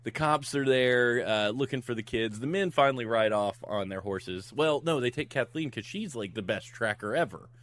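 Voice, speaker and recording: A man's voice: mid-range voice, moderate pace, few pauses, fairly bright tone. A middle-aged man recapping a movie on a podcast, laughing often and acting out the characters' lines as he goes. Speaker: podcast co-host recapping a film. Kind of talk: casual chat.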